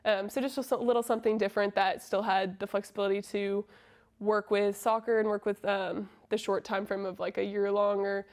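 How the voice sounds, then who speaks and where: With a mid-range voice, a flat delivery and a brisk pace, this young woman answers interview questions. A twenty-something college soccer player from Massachusetts, USA, she comes across friendly and casual, using many fillers.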